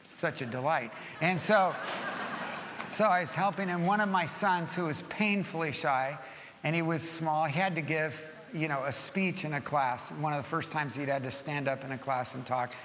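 A middle-aged male pastor preaching with a high, bright voice. He tells his stories with animation, dropping soft and then rising loud. The long reverb of a big hall trails every phrase. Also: moderate pace, a little hiss or hum. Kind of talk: sermon.

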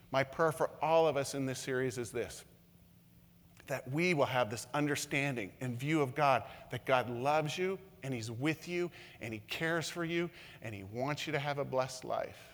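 Earnest pastor preaching in a reverberant hall. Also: male voice, mid-range voice, moderate pace. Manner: earnest, repetitive, swings from loud emphasis to soft intimacy. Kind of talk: sermon. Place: church room with long reverb.

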